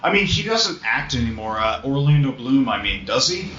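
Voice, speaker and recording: Lively-voiced man on a podcast panel. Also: medium pitch, normal speed. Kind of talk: casual film discussion. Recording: echoey room, muffled, faint noise.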